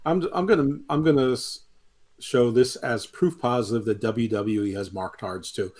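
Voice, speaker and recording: A man's voice: medium pitch, moderate pace, darkish tone. A man co-hosting a casual wrestling podcast, wry and opinionated, calling himself a villain for laughs. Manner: wry, opinionated, playful self-described villain. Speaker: podcast co-host, wrestling pundit.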